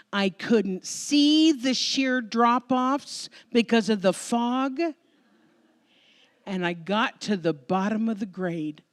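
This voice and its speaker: An American woman minister giving a Sunday sermon, telling a personal story in a conversational, emotional, expressive way before a congregation. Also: mid-range voice. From United States. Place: church sanctuary before a congregation.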